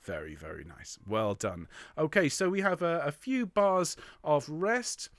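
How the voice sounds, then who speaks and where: A man's voice: fairly high pitch, sing-song, measured pace, fairly bright tone, no room sound. A man leading an online choir rehearsal, explaining bars, counting in, and singing the lines with encouragement. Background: piano.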